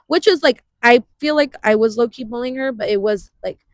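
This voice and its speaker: A woman in her twenties co-hosting a podcast in casual chat, talking fast with many fillers and frequent laughs. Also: medium pitch, no echo. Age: 20s. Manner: chatty, laughs often, uses many fillers. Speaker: podcast co-host.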